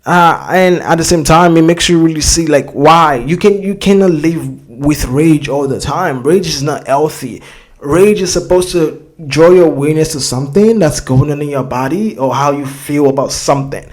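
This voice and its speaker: A man's voice: a little high, moderate pace. A man hosting a reaction video, talking casually and rambling, swearing a lot and often searching for words.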